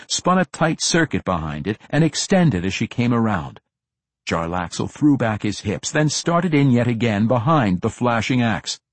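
A man reading a fantasy audiobook as narrator, telling the story in an expressive, dramatic way. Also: medium pitch, dry recording.

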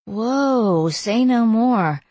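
A woman's voice: a little high, expressive, extremely slow, dark tone, breathy edge, dry recording, pitched above the performer's own voice, heavily acted. A woman voicing a young woman heroine in a storybook, teasing and sarcastic in manner.

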